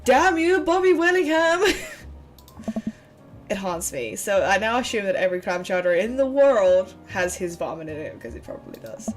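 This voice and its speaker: A woman's voice: lowish voice, very animated, brisk, few pauses, recorded from a distance, faint music behind. A young English woman from England, chatty and swearing freely as she comments on a game she is playing. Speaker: gaming video host. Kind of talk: let's play commentary.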